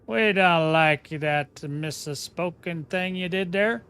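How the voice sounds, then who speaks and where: A man's voice: a little high, slow, pushed and bright, clear, resonant tone, exaggerated voice. A man voicing an indignant French space pilot who scolds fussily.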